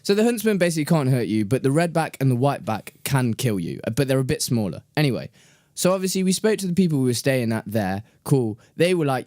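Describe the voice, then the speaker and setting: A man's voice: medium pitch, sing-song, fast talker, darkish tone, dry recording, clean studio sound. A young man, co-hosting a casual podcast and telling rambling stories with frequent laughs. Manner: chatty, laughs often, rambling. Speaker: podcast co-host. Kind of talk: casual chat, storytelling.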